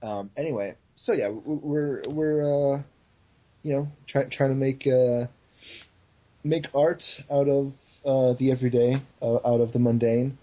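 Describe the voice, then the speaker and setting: A man co-hosting a casual podcast chat, deep and smooth, halting with many fillers. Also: dark tone, lo-fi sound. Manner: halting, lots of fillers and restarts. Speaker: podcast co-host.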